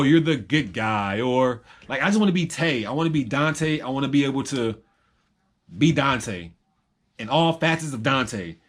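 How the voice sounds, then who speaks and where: Guy rambling on his vlog, kinda halting, lots of ums, just thinking out loud to camera. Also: mid-range voice. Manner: reflective, halting, with many ums and restarts. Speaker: vlogger and reseller.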